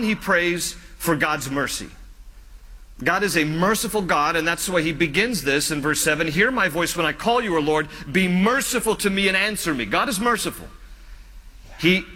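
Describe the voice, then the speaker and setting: A male pastor preaches with a fairly high, bright voice, pleading earnestly and letting his lines fall quiet at the ends. The sound carries a long church hall reverb behind him. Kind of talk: sermon.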